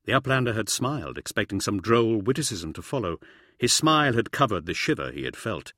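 A man reading a novel aloud as an audiobook narrator, in a measured, dramatic storytelling manner. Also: on the low side, big pitch swings, bright, forceful tone, no echo, clean studio sound. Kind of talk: scripted narration.

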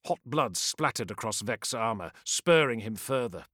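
A man narrates a dark fantasy audiobook in a theatrical, building voice. His pitch swings lively and his tone is bright and forceful. The sound is close and dry. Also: moderate pace, no echo. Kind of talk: scripted dramatic fantasy narration.

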